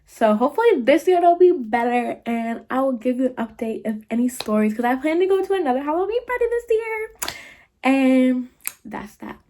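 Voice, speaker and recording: A young woman vlogger runs through a storytime in casual, slang-heavy talk, with "like" in nearly every line. Her voice sits a little high and jumps sharply when she acts out what others said. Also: fairly quick. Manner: animated retelling, acts out quotes with big pitch jumps; slangy, filler-heavy, 'like' often.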